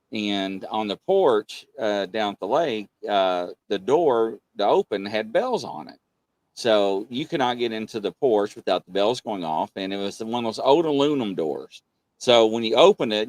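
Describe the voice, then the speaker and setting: A man hosting a paranormal show, telling a story in a casual, animated way, his voice jumping high when excited. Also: no echo. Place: studio.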